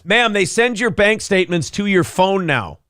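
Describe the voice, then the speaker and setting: A man hosting a morning talk show, mocking and sarcastic as he talks over clips. His voice sits fairly high and swings widely in pitch. The sound is close and dry. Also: lively intonation, moderate pace, a bit bright, no room sound. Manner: mocking, sarcastic, laughs often. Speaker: co-host. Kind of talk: sarcastic political commentary.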